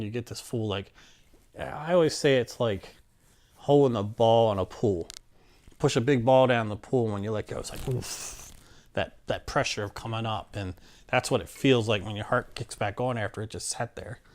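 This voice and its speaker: A man telling a personal story in a casual, animated way, with many fillers and restarts and acted-out quotes. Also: medium pitch, moderate pace. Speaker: interviewee telling his story.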